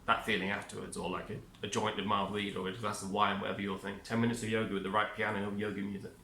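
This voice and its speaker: A man's voice: lowish voice, level tone, fast talker, pushed and bright, slight background noise. A man giving a rambling, upbeat self-help monologue, often cutting himself off mid-word. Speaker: vlogger. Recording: echoey room.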